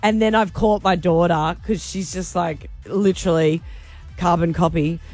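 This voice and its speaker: A woman's voice: lowish voice, steady tone, moderate pace, a little mellow, soft background music. A woman co-hosting breakfast radio, chatting casually and laughing easily.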